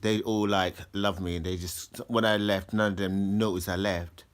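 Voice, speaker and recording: A man's voice: deep voice, little pitch movement, moderate pace, smooth. A man telling a rambling story in casual chat, full of restarts and acted-out quotes. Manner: rambling, full of restarts, acts out others' lines in raised voices.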